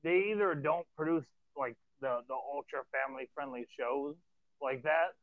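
A man's voice: medium pitch, moderate pace, dry recording. A man who wrestles for a living telling stories in a casual podcast chat, blunt and profane, ranting with energy. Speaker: professional wrestler guest. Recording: dull lo-fi sound, dry.

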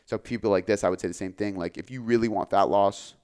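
A man who works as a fitness coach, talking casually on a podcast, relaxed and full of filler words. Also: lowish voice, fast, clean tone. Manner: relaxed, filler-heavy, says "like" often.

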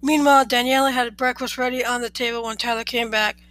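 A woman's voice: on the high side, fairly even intonation, quick pace, fairly bright tone, dry recording, poor audio. A woman reading a story aloud in a plain way, often stumbling and restarting words.

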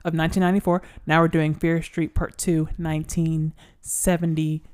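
A woman's voice: sits low, level tone, moderate pace, a little mellow, clear, resonant tone. A woman co-hosting a podcast in casual chat, giggly and rambling. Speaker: podcast co-host.

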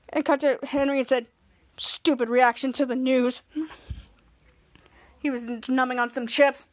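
This podcast host has a high, fairly bright voice. She recaps a TV episode in a loose, rambling way, full of restarts and acted-out lines.

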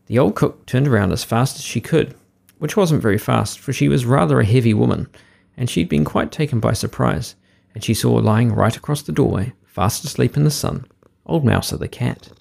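Gravelly husky guy reading a kids story, lots of ups and downs. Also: mid-range voice, moderate pace. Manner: lively expressive reading. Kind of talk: reading a children's story aloud.

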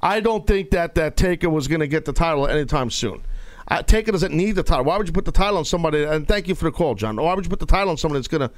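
A man's voice: a little high, lively intonation, racing, no room sound. A male radio show host in casual sports talk, rambling and stop-start as he takes calls.

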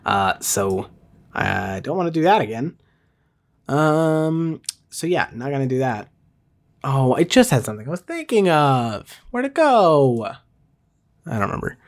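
A man hosting a casual solo podcast, rambling with many fillers and restarts, self-deprecating and talking fast. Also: medium pitch, very animated. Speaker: podcast host.

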